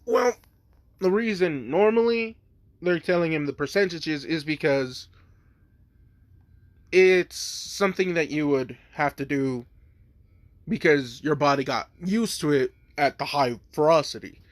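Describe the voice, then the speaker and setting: A man's voice: fairly high pitch, unhurried, long pauses, close to an everyday voice. A man voicing a group of wise past hero spirits, explaining patiently in a raised voice.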